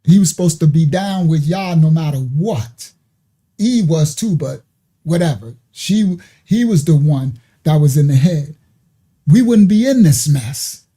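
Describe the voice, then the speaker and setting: Male ministry host, high mellow voice, loose slangy preaching with frequent laughter. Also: slightly rough. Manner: animated, slangy, laughs often. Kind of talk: casual streamed preaching.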